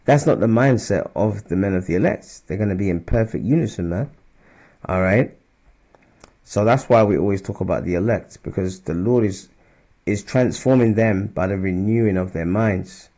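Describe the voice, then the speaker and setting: A man's voice: fairly low pitch, moderate pace, a little mellow. A man giving informal scripture teaching. He talks loosely and conversationally, keeps checking in with "all right?" and "man", and raises his voice when he reads verses aloud. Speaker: religious teacher.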